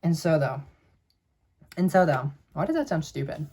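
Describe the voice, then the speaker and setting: A man's voice: on the high side, animated, moderate pace, music in the background. A young man in drag telling a spooky story to camera in a sassy, profane, dramatic way.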